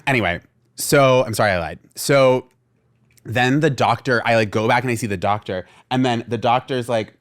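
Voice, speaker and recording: A young man from Vermont, co-hosting a podcast, tells a story in a casual, animated way and acts out the people in it. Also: mid-range voice, normal speed. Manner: animated storyteller acting out quoted voices, lots of "like". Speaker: podcast co-host.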